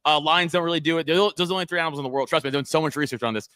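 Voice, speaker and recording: Fast, bright-voiced male podcast host. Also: a little high, clean tone, no room sound, clean studio sound. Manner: animated, profane, tells stories with quoted voices. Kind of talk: casual podcast chat.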